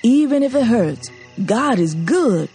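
A woman's voice: medium pitch, lively intonation, unhurried, soft background music, close to an everyday voice. Woman voicing an earnest young man. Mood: gentle. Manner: gentle and earnest. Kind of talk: audiobook character voice.

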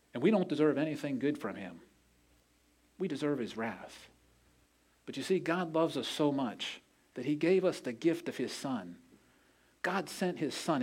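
A man's voice: fairly high pitch, a little mellow. A man preaching a sermon, telling a story in an earnest way and acting out the quoted voices. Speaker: pastor.

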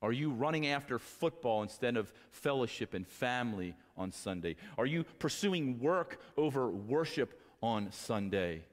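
A male pastor preaching a sermon to fathers, impassioned, moving from quiet talk to raised exhortation. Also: medium pitch, expressive, measured pace, hardly any pauses, big-room sound. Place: church sanctuary.

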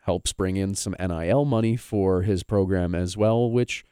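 A man's voice: deep voice, moderate pace, warm tone, clean tone, dry recording, studio quality. A man co-hosting a sports radio show, talking casually in long opinionated runs. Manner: opinionated, rambling, argumentative. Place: radio studio.

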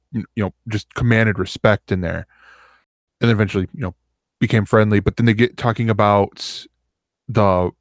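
A man's voice: on the low side, no room sound, studio quality. A man co-hosting a podcast, telling a long rambling story in casual chat and acting out the quotes. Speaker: podcast co-host.

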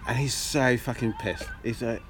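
A man's voice: medium pitch, fairly even intonation, normal speed, a bit bright. A man co-hosting a podcast, chatting casually in a pub and telling long rambling jokes with lots of restarts. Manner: rambling storyteller with restarts, acts out voices. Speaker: podcast co-host. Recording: faint background noise in a pub.

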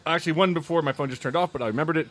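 A man's voice: on the high side, rapid-fire, fairly bright tone, poor audio. A man in casual podcast banter with eager, opinionated delivery.

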